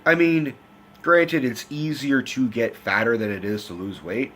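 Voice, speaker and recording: A man from the United States giving a loud, profane, rambling movie review in a casual rant. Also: medium pitch, fairly even intonation, a little slow. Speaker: film reviewer.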